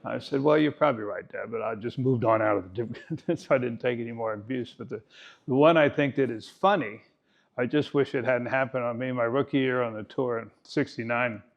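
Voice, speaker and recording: A man's voice: medium pitch, fairly even intonation, brisk, vocal fry. Man in his eighties, golf coach, folksy keynote storytelling, self-mocking humor, dull lo-fi recording. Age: 80s.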